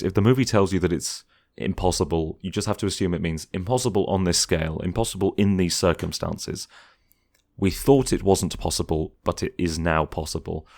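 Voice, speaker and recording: A man chatting casually through a film commentary, sometimes mocking critics in put-on voices. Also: low-pitched.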